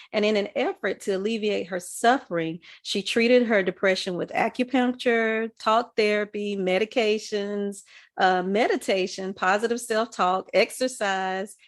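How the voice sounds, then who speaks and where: A woman's voice: mid-range voice, dry recording. Encouraging woman podcast host, dry sound. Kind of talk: podcast interview.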